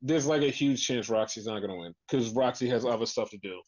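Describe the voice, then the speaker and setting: A man's voice: medium pitch, brisk, a little mellow, no room sound, lo-fi sound. A man co-hosting a podcast, recapping wrestling in casual, profane chat and acting out the wrestlers' lines. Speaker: podcast co-host.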